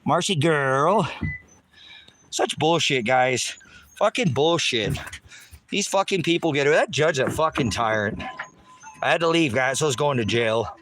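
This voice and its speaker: A mid-range male voice, fairly bright with lively intonation and normal speed, rants on an outdoor live stream. Captured on a handheld phone with a little hiss or hum, he sounds agitated, repeats himself and swears heavily.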